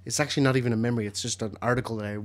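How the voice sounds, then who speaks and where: A middle-aged man co-hosting a podcast, telling stories in a relaxed way and chuckling. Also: medium pitch, racing. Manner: laid-back storyteller, chuckles often. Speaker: podcast co-host. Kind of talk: casual live podcast banter.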